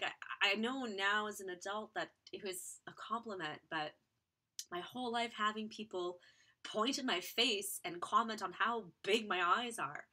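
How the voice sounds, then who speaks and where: Bright-voiced young woman sharing a personal story. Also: medium pitch, breathy edge. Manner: candid, halting, many fillers, reads viewer comments aloud. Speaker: beauty vlogger and live streamer. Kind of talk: personal story told on a live stream.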